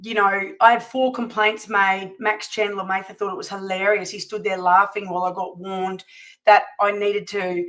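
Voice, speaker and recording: A woman on a talk panel chats in a lively, storytelling way. She acts out the people she quotes. Her voice sits at a mid pitch. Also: moderate pace, rough recording. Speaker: campaign volunteer and panel guest. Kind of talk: casual panel chat, retelling events.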